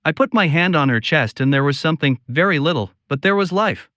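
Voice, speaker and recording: A man tells a dramatic first-person story in a slow, solemn, confiding manner. His voice sits a little high for a man, and the sound is dry and close. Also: lively intonation, pushed and bright, dry recording.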